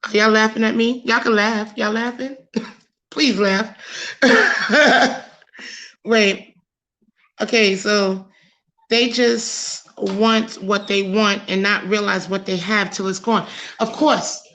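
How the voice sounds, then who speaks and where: A woman hosting a talk show, animated and preachy, overheated and sweating under studio lights. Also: mid-range voice, slow, pauses often. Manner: animated, preachy, laughs a lot. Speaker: podcast host. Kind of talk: casual talk-show discussion.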